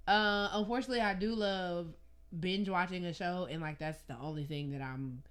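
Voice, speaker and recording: Animated laughing woman podcast co-host. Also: on the low side, moderate pace, faint music behind. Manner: animated storyteller, laughs often, drawls words out. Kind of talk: casual chat.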